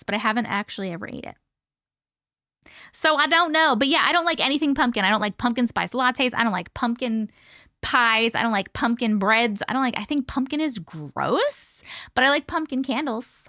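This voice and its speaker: A woman's voice: on the high side, lively intonation, a little fast, sharp tone, no room sound, studio quality. A woman hosting a casual live stream, chatting and laughing while she reads out viewer comments and greets them by name. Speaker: livestream host.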